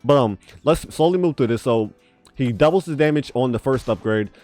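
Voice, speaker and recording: A man's voice: medium pitch, expressive, a little fast, a little mellow, no room sound. Brief: male gaming YouTuber, casual rambling commentary, spitty retainer sound, faint music underneath. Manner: rambling, profane, says bro a lot.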